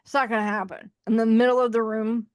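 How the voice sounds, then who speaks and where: A woman with a slightly raised voice tells her own stories candidly, animated and frank, slipping into other people's voices as she goes. Her sound is close and dry, with no room around it. She talks like a podcast co-host in easy conversation. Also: on the high side, fast, no echo.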